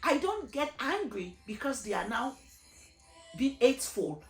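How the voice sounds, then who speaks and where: A woman's voice: high-pitched, sing-song, a little slow. A woman giving an earnest, emphatic gospel testimony, asking her listeners rhetorical questions. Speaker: gospel speaker. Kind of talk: personal testimony sermon. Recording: echoey room with faint music.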